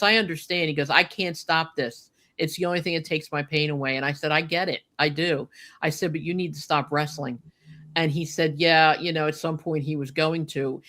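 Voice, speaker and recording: A woman telling a personal story with deep feeling, choked up, with lots of "you know" and "like". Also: fairly bright tone. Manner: heartfelt, many fillers like "you know" and "like". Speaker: guest recalling a friend.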